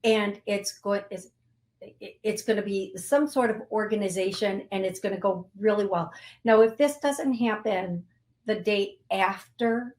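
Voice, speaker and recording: A woman in the middle of her range speaks very slowly as she guides an energy clearing. Her tone is soothing and affirming, and she repeats short phrases as she works. The pacing is unhurried throughout. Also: medium pitch, a little mellow. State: briefly tearful. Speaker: psychic medium show host.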